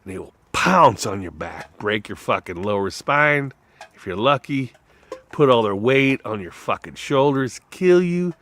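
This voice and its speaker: A man in a rambling, profane monologue whose voice swings between loud outbursts and low mutters. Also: animated, measured pace.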